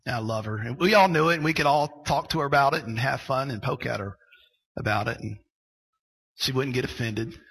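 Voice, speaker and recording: A man preaching a sermon, going from quiet storytelling to loud, shouted preaching. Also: mid-range voice, brisk, slightly rough, low-quality recording. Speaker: pastor.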